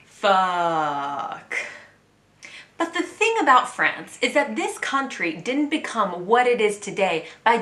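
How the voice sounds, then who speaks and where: American woman vlogging, chatty and candid, bright voice, roomy echo. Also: fairly high pitch. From United States. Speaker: vlogger living in France. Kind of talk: casual chat to camera.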